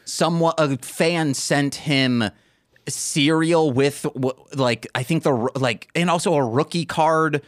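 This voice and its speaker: A man's voice: fairly high pitch, slow pace, dry recording, clean studio sound. A man co-hosting a podcast in casual chat, rambling and cutting himself off as he tells stories. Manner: rambling, self-interrupting storyteller. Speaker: podcast co-host.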